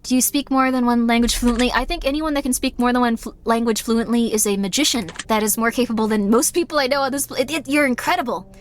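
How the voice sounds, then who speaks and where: A woman's voice: fairly high pitch, quick pace, few pauses, slight background noise. A young woman streamer chatting casually while she plays, rambling with lots of fillers and self-deprecating asides. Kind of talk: casual live-stream chat while gaming.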